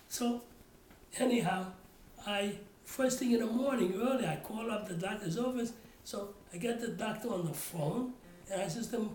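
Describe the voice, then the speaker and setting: A man's voice: sits high, moderate pace, darkish tone, slight background noise. An older man tells family stories in an oral history interview. He rambles and restarts his sentences often. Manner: rambling storytelling with many restarts. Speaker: father telling family stories. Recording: roomy echo.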